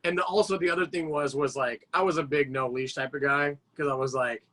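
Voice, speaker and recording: Man rambling through animated anecdotes. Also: fairly high pitch, a little fast. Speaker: podcast guest. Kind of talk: casual storytelling chat.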